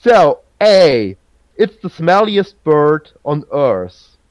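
A man's voice: fairly high pitch, very animated, very slow, no room sound. A man hosting a casual podcast quiz. He halts, restarts and searches for his words. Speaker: podcast host running a trivia quiz. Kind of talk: casual chat.

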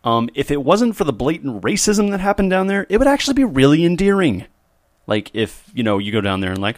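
A man from the United States hosting a casual group podcast, animated and steering the conversation. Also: fairly high pitch, brisk, no echo, studio quality.

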